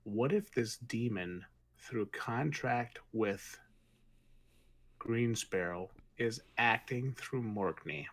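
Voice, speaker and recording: A man co-hosting a book podcast, calmly throwing out theories about the plot. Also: medium pitch, slow. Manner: thoughtful, speculative, laid-back. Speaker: podcast co-host. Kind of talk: casual book discussion.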